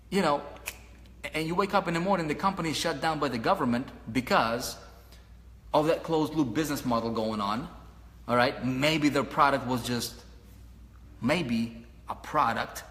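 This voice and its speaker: A man giving a motivational marketing talk to an audience, animated, asking the listeners questions and repeating his points while pacing around. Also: mid-range voice, long reverb tail. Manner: paces around while talking. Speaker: online marketing mentor.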